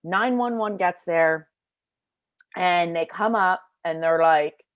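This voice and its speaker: A middle-aged woman telling a personal story as an interview guest in a casual, animated way, acting out the voices of people in it, recorded in a bedroom at home. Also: on the low side, slow pace, dry recording, studio quality. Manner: casual, lots of fillers like "like".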